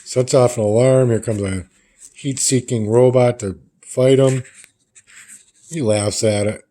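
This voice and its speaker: A man's voice: medium pitch, fairly even intonation, unhurried, mellow. A man casually retelling the panels of a comic book in a loose, rambling way, as a reviewer.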